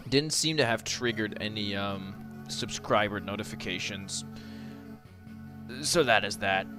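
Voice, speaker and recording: Slow, rambling young man streaming games. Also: fairly low pitch, music in the background. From Netherlands. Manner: rambling, trails off and restarts while fiddling with settings. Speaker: gaming streamer. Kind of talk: casual livestream commentary.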